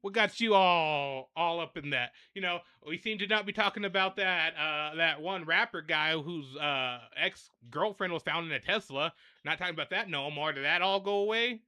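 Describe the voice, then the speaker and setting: A man's voice: fairly high pitch, moderate pace, bright, forceful tone, smooth. A young man hosting a livestream, ranting and rambling in a repetitive, fed-up way while addressing his viewers directly. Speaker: livestream host.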